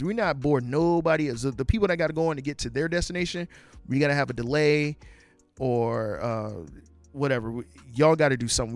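A man's voice: fairly high pitch, no echo. A young man hosting a solo podcast, ranting in a profane, exasperated, emphatic way. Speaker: podcast host.

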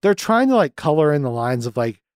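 A man hosting a casual podcast, rambling through a film's plot with lots of swearing and quick acted-out bits of scenes. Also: a little high, very animated, a little mellow, smooth, no echo, studio quality. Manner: rambling, profane, acts out scenes. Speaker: podcast host. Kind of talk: casual film-recap chat.

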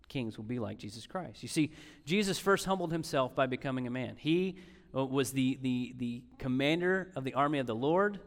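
A man's voice: medium pitch, big-room sound. A man preaching a sermon as pastor, conversational and emphatic, repeating key phrases and slipping in sarcastic asides.

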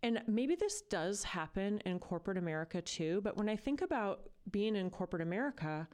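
A woman's voice: mid-range voice, animated, brisk, a little mellow. A woman hosting a podcast, talking in a casual, earnest and chatty way. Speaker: podcast host. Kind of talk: casual solo podcast talk.

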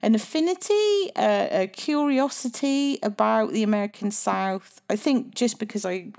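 A woman from England, co-hosting a film podcast in casual chat, animated and laughing often. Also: a little high, moderate pace, gravelly. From Southwest England. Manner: animated, laughs often, trails off mid-sentence. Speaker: podcast co-host.

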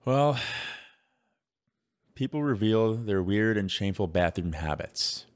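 Deep-voiced rambling podcast man. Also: expressive, takes it slowly. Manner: rambling, full of fillers and restarts, laughs easily. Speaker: podcast co-host. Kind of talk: casual chat.

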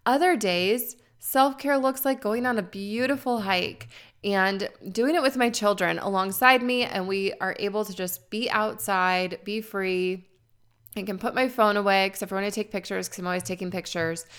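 A woman's voice: mid-range voice, fairly even intonation, moderate pace, a bit bright, smooth. Woman host in her thirties, earnest and encouraging, talking listeners through confidence steps, leans on key words. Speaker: podcast host. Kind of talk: coaching talk to listeners.

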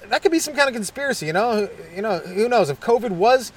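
A man's voice: high-pitched, lively intonation, quick pace. A man hosting a comedy podcast, rambling through a self-deprecating, hyperactive stand-up monologue. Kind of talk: stand-up style comic monologue.

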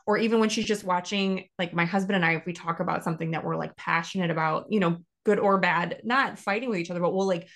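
A woman podcast host, sharing reflectively and backing her guest with soft affirmations. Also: on the low side, fast talker, few pauses.

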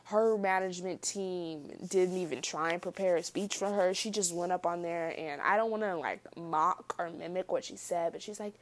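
A woman's voice: mid-range voice, lively intonation, moderate pace. A young woman vlogging in a chatty commentary style, with lots of fillers, speaking straight to her viewers. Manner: chatty, filler-heavy, addresses viewers as y'all. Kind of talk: casual commentary vlog.

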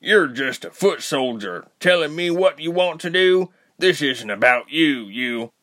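A man voicing a gruff, impatient older soldier who speaks scornfully. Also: fairly high pitch, lively intonation, measured pace, pushed and bright, pitched above the performer's own voice.

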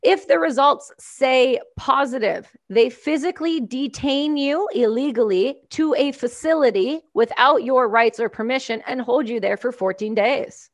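A woman's voice: high voice, measured pace, few pauses. A woman in casual conversation, animatedly telling a story and complaining, with casual swearing. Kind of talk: casual chat.

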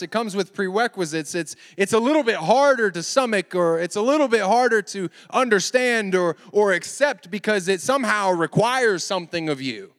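A man in his thirties preaching a sermon to young people, lively and joking with asides to the audience. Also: high voice. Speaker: youth pastor. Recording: long hall reverb.

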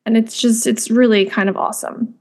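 A woman's voice: a little high, fairly even intonation, fairly quick, darkish tone. Chatty young woman podcast host. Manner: chatty, many fillers and restarts. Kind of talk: casual spoken commentary.

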